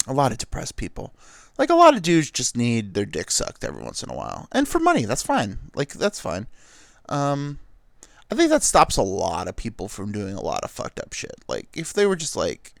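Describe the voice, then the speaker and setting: A man's voice: mid-range voice, vocal fry, dry recording, studio quality. A man hosting a comedy podcast, riffing in a rambling, profane monologue full of filler words.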